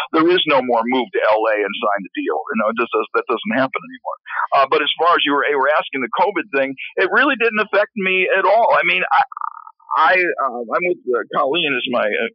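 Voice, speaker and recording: A man's voice: medium pitch, breathy edge, no room sound. A man, a musician guest on a radio show, chatting loosely about his life with the flair of a showman and many restarts. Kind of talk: casual interview talk. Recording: dull, lo-fi radio sound.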